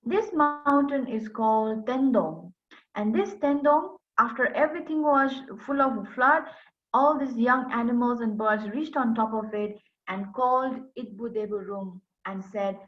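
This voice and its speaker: An animated woman storyteller tells a folk tale to an online audience and speaks directly to her listeners. Her voice sits a little high, and it comes through dull, muffled call audio. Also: measured pace. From Darjeeling, India.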